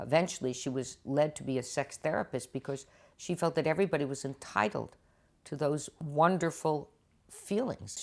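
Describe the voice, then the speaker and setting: Older actress guest, deep low voice, expressive storyteller. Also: female voice. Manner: animated, acts out quotes in different voices. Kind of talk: interview storytelling. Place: TV studio.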